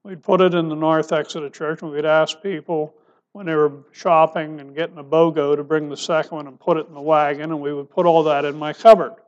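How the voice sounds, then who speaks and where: High-voiced man preaching a sermon. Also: level tone, brisk, dull audio. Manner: preaching with rhetorical questions, dropping soft for emphasis. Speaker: pastor.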